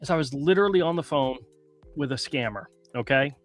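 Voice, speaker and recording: A man hosting a casual live stream, with a slightly higher voice than most men. He rambles through stories, mocks himself and laughs often. Faint music sits under his voice. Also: animated, brisk. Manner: rambling, self-mocking storyteller, laughs often. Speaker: podcast host. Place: small room with some echo.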